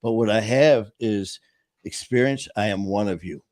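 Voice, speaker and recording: Male host, Boston accent, low-pitched, emphatic storyteller, dry close sound. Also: normal speed, darkish tone, dry recording. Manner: emphatic, plain-spoken, restarts often. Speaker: podcast host. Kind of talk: casual storytelling interview.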